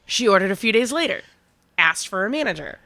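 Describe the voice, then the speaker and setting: A woman's voice: medium pitch, very animated, brisk, vocal fry, sharp tone, no echo. A woman and podcast co-host who manages a restaurant, telling a work story in casual chat. She swears now and then and acts out both sides of the conversation.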